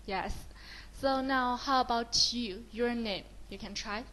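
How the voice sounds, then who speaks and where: A woman's voice: fairly high pitch, slow pace, fairly bright tone, slight background noise, low-quality recording. A woman with a Mandarin Chinese accent teaching a beginner lesson, mixing English with Mandarin and praising often. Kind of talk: slow, encouraging beginner lesson.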